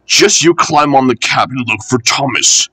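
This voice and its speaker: A man as a steady engine driver. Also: medium pitch, normal speed. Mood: calm. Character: steady, good-humoured male engine driver.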